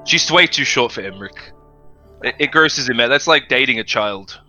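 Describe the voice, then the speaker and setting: A man's voice: medium pitch, animated, moderate pace, pushed and bright, soft background music. A man playing a tabletop game, boisterous and joking. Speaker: player. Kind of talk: casual chat during a tabletop game.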